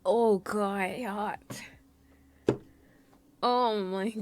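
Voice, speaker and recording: A woman's voice: mid-range voice, fairly even intonation, extremely slow, a little mellow, soft background music. A young adult woman streamer in casual, crude, joking chat, often half-whispering.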